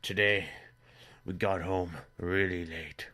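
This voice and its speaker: Low-voiced man spinning a rambling comic tale. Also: steady tone, slow, sharp tone. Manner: rambling, absurd, crude, chuckling. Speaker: comedy show narrator. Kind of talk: rambling comedic storytelling.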